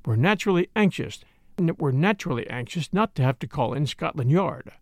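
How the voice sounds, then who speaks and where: A bluff, hearty middle-aged chief constable in an audiobook, confiding in low, clubby tones, as a man reading the book puts him on. The voice has a gravelly edge, and the recording is dry and close. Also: lively intonation, brisk, a little mellow, dry recording.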